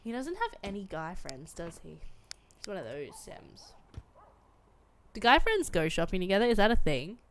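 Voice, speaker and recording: A woman's voice: mid-range voice, sing-song, normal speed, background noise. Chatty woman commenting on gameplay. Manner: chatty, giggly, thinks aloud. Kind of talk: casual let's-play commentary.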